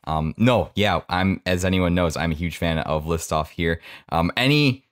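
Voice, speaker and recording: A man's voice: deep voice, normal speed, smooth. A man hosting a podcast, an eager and enthusiastic interviewer in casual chat. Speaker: podcast host.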